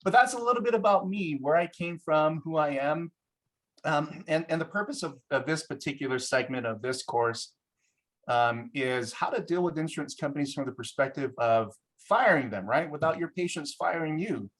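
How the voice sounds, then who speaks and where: A man from Samoa, presenting a course in a relaxed, joking way, chuckling often and using lots of fillers. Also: fairly high pitch, normal speed. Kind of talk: casual presentation with anecdotes.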